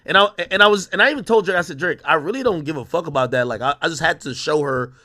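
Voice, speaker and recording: A man's voice: fairly high pitch, fast talker, pushed and bright. A young man telling a story in casual talk, swearing freely and acting out what others said to him. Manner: profane, quotes others in shifting voices.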